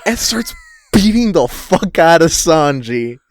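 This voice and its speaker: A man co-hosting a podcast in casual chat, a relaxed storyteller who swears casually. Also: fairly high pitch, slow pace, dry recording, studio quality. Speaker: podcast co-host.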